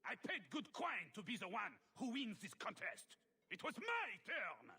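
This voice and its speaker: An actor playing a petulant, arrogant male noble in a video game, speaking with a French-sounding accent in a whiny, gravelly voice. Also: sits high, huge pitch swings, normal speed, sharp tone, exaggerated voice. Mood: haughty.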